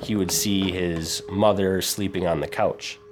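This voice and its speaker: A man's voice: low-pitched, steady tone, a little slow. A man narrating as game master of a tabletop game, casual with many fillers. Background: music.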